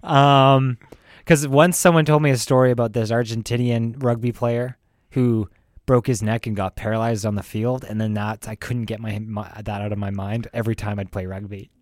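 A man's voice: medium pitch, steady tone, normal speed, no room sound, studio quality. A man, co-hosting a podcast with goofy, self-deprecating humor. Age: 20s. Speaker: podcast co-host. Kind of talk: casual chat.

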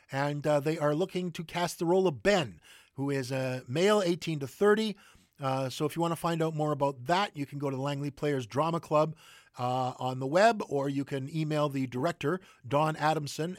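Halting man reading theater notices. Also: on the high side, no room sound, studio quality. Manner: halting, many fillers and self-corrections. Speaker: theater news host. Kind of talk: casual radio announcements.

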